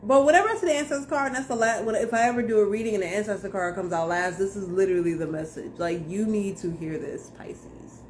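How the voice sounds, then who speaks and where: Young woman doing a tarot reading, blunt n slangy, swears a lot, mid pitch, faint hiss behind. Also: rapid-fire, few pauses, a little mellow. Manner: blunt, slangy and profane, talking straight to viewers. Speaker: tarot reader. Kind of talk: casual tarot reading to camera.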